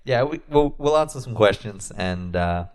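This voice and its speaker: A man's voice: on the low side, animated, normal speed, darkish tone, smooth. A man co-hosting a casual podcast chat, laid-back and joking, often trailing off mid-sentence. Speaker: podcast co-host.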